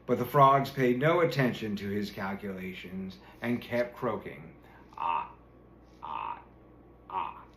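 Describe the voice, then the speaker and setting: A man's voice: on the low side, moderate pace, few pauses, a bit bright. A man reading a fairy tale aloud, chuckling now and then as he narrates. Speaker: storyteller. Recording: roomy echo.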